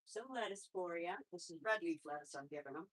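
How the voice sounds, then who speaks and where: A woman hosting a live stream about her pet rabbits, chatting casually and talking softly to the animals. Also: lowish voice, brisk. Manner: chatty, rambling, with restarts; soft baby-talk to pets, often away from the mic. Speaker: pet channel host.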